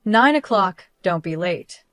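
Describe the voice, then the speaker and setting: A woman's voice: lowish voice, animated, measured pace, fairly bright tone, dry recording. A woman reading the lines of a smug, spiteful woman who speaks with overly sweet, fake concern. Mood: sugary, mocking. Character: smug spiteful woman, sister-in-law type.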